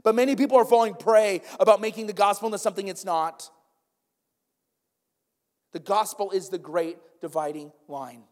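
A male pastor preaching a sermon, swinging from loud, urgent calls to hushed intensity. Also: high-pitched. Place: church sanctuary. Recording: long church reverb with faint music.

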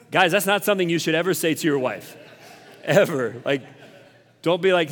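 A man's voice: a little high, normal speed, long pauses, fairly bright tone. A male pastor giving a conversational sermon, candid and self-deprecating, repeating phrases for emphasis. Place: church. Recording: echoey hall reverb.

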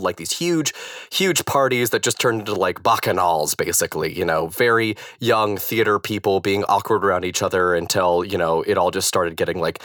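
Low-voiced man rambling through a story. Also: a bit bright, no echo, clean studio sound. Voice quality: naturally low voice. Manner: rambling, hesitant, many fillers and restarts. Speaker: guest, stage actor. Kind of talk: casual storytelling.

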